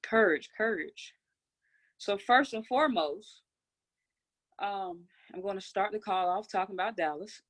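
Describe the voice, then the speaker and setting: A woman hosts a motivational conference call, her voice pitched at an everyday middle height. She drives her points home with energetic repetition and preacher-like call-and-response, speaking into a phone or computer mic. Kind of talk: motivational group call talk.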